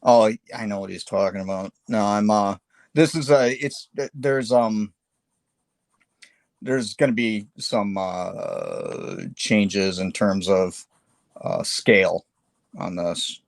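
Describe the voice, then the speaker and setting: Casual male artist host, lowish voice, rambling and filler-heavy, dry close mic. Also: gravelly, no echo. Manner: halting, filler-heavy, self-deprecating. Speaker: artist hosting a live painting stream. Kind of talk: casual chat while sketching.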